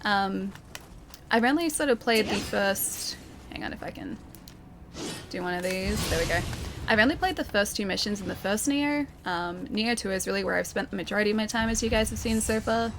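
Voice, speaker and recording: A woman's voice: medium pitch, brisk, background noise. A young Australian woman streaming a game, chatting casually with her chat and thanking viewers between fights, with plenty of ums and uhs. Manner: chatty, reads out and thanks chat, many fillers. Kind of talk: casual live-stream chat while gaming. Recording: game music playing behind.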